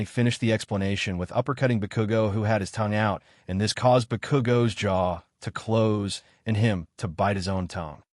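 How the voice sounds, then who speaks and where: A man with a low voice reads a fan story aloud in a steady, plain narration. The sound is close and dry, with no room around it. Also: moderate pace, hardly any pauses, no echo. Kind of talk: fan fiction read-aloud.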